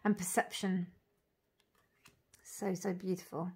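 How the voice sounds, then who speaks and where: Speaking slowly in a husky, lowish voice with little pitch movement, a woman reviews an oracle deck one card at a time. She reads out names and meanings with dreamy admiration, drawing out words, laughing softly and gushing as she goes.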